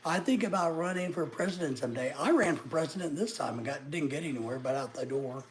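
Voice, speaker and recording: A man's voice: on the high side, lively intonation, fast talker, a little hiss or hum. A middle-aged man from Arkansas, chatting casually with viewers on a livestream and teasing them sarcastically. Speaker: livestreamer answering chat.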